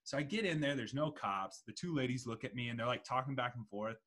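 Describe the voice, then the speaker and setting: A young man hosts a casual chat, telling a story in an animated way and swearing freely. His voice has a slightly husky edge at an ordinary pitch. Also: fast.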